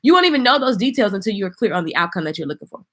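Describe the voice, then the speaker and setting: A woman's voice: mid-range voice, big pitch swings, racing, fairly bright tone. A woman hosting a casual livestream, chatty and laughing, talking straight to her viewers. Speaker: livestream host selling an online course. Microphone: phone.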